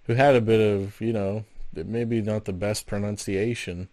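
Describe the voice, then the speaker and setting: A man's voice: on the low side, fairly even intonation, unhurried, darkish tone, no echo. A man co-hosting a podcast, chatting casually and rambling with lots of fillers. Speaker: podcast co-host. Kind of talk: casual chat.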